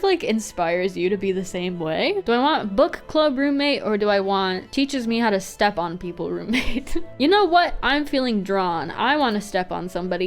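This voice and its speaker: Chatty young woman gaming host. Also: medium pitch. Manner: chatty, frequent "like" fillers, laughs often. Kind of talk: casual gaming commentary. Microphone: studio microphone.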